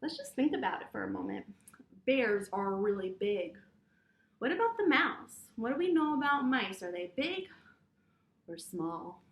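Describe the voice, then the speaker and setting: A woman teaching yoga to children, reading a story aloud in a gentle, encouraging way and roaring and meowing with them. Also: mid-range voice, big pitch swings, unhurried, gravelly, far from the mic. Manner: gentle, encouraging, playful animal sounds. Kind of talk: storytime with kids' yoga instruction. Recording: echoey room.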